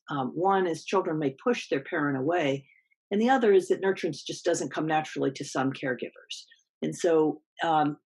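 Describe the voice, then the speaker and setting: Breathy woman giving an academic talk. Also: sits low. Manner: measured, explanatory, with frequent ums and restarts. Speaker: guest lecturer. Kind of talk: academic presentation.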